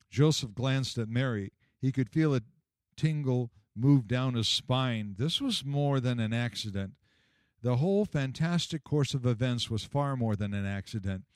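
A man's voice: medium pitch, no echo, studio quality. Male storyteller reading a Bible story. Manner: measured, expressive reading. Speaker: narrator. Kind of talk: storybook narration.

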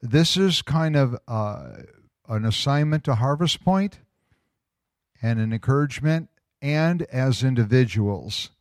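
Slow, unhurried male preacher. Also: mid-range voice, expressive, no room sound, studio quality. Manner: unhurried, reads prophecy slowly with emphasis; conversational asides with fillers. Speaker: pastor. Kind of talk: sermon.

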